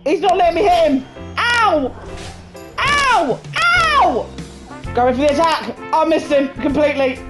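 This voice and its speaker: Excitable high-voiced woman gamer. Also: fast talker, few pauses, rough recording. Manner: excitable, swearing, shrieking laughter. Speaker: gamer streamer. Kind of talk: casual co-op gameplay chat. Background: game music.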